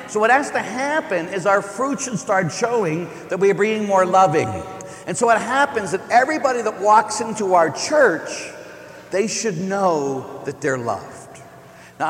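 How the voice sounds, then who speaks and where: A man who is a Catholic priest, giving a conversational homily as a joking, animated storyteller. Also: high voice. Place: large church. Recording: echoey church with long reverb.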